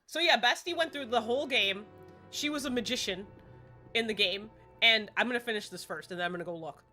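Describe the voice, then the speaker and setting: A woman's voice: fairly high pitch, fairly quick, pushed and bright, soft background music. A woman livestreaming a game at home, chatty and self-deprecating in casual gameplay commentary.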